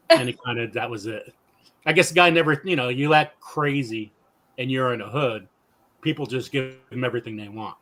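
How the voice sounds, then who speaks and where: A man in his fifties with a bright, forceful voice, telling stories in a casual, animated way. He laughs often and acts out the people in his stories. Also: medium pitch, a little fast. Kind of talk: casual storytelling.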